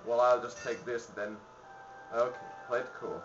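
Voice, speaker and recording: Male let's-play commentator, panicky yelling and low mutters, dull lo-fi audio with faint music underneath. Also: steady tone, moderate pace. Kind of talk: game commentary.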